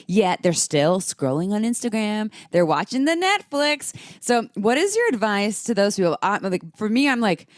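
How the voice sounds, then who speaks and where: A woman hosting a casual podcast, chatty and self-deprecating, quick to laugh. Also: medium pitch, very animated, no echo, studio quality. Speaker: podcast host.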